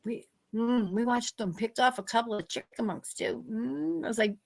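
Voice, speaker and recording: A middle-aged woman, telling animated stories in casual chat and acting out the people she quotes. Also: a little high, moderate pace, gravelly. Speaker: host.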